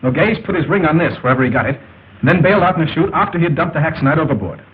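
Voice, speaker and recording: An actor playing an eager dashing young captain. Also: male voice, fairly high pitch, animated, lightly acted. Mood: earnest. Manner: eager, pleading, quick to protest. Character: dashing excitable young male captain and suitor. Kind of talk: 1930s film acting. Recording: dull old film soundtrack with hiss.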